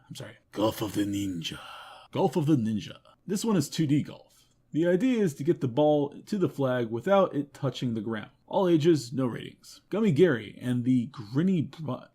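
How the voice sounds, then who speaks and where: A man hosting a game news show, running through a list of games with quick wry comments and self-mocking asides. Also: on the high side, warm tone, slightly rough. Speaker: host. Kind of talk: rapid game review roundup.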